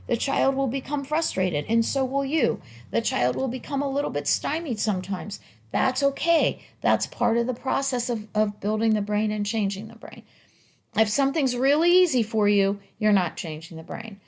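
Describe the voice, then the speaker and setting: A woman, a speech-language pathologist, giving a recorded continuing-education lecture in a measured, explanatory way with small restarts. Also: a little high, expressive, gravelly, a little mellow.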